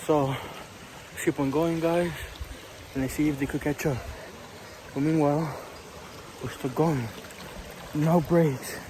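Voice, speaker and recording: A man's voice: a little high, fairly even intonation, slow, long pauses, background noise. Breathless young man vlogging a hike. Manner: upbeat, slangy, talks to viewers. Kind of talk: casual hiking vlog. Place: outdoors on a hiking trail.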